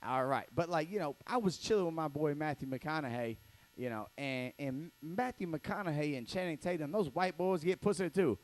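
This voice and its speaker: A man doing an impression of a swaggering young man who brags in a slow, boastful drawl. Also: a little high, lively intonation, lightly acted.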